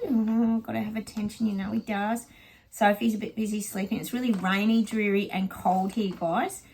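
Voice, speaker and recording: A woman's voice: medium pitch, steady tone, moderate pace, darkish tone, a little hiss or hum, rough recording. Chatty Australian woman, rambling vlog. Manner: chatty, rambling, lots of ums and asides to her dog. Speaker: psychic vlogger. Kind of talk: casual chat to viewers.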